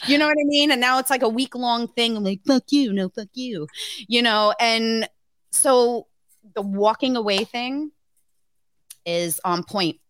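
A woman's voice: on the high side, a little slow, a bit bright, slight background noise. A woman co-hosting a podcast in casual chat, frank and blunt, swearing freely. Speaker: podcast co-host.

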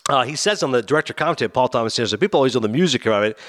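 A man hosting a casual movie talk podcast, acting out film scenes in quick voices. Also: mid-range voice, animated, a bit bright. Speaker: podcast host.

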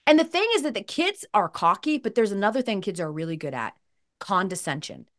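Lady podcast host, super animated storytelling, does little voices for quotes. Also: medium pitch, fairly quick. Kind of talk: casual chat.

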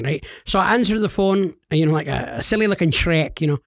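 A man co-hosting a podcast, telling a story in casual chat, animated, acting out voices and laughing often. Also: a little high, a little fast, few pauses, dry recording, studio quality. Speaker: podcast co-host.

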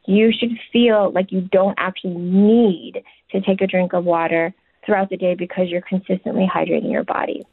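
A woman's voice: medium pitch, fairly even intonation, moderate pace, breathy edge, no room sound. A woman, a nutritionist and chef, giving casual, chatty advice in an interview, with many "you know"s and "um"s. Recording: tinny dry phone line.

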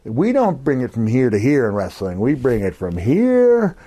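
A middle-aged man telling stories with real animation, his voice sitting at an ordinary middle pitch. He talks like a podcast guest among friends and keeps calling the host brother. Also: normal speed, slightly rough. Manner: lively anecdotes, calls the host brother. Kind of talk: animated storytelling.

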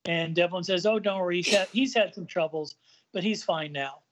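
A man's voice: high-pitched, moderate pace, fairly bright tone, slight background noise. Man reading comic lines, lo-fi. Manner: hesitant, many ums and uhs, reads quotes lightly acted. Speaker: podcast co-host reading a comic aloud. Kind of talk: casual comic recap, reading dialogue aloud. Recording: dull lo-fi audio.

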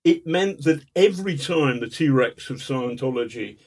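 A man being interviewed as a guest, telling stories in an animated, chatty way with chuckles. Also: medium pitch, a little slow. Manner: animated raconteur, chuckles as he talks. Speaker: guest, journalist. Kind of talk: casual storytelling interview.

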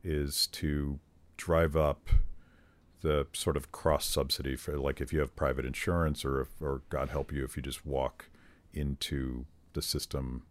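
A man hosting an interview podcast who talks in a halting way, restarting his phrases, with a wry tone. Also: extremely low pitch, level tone. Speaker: podcast host. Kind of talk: interview conversation.

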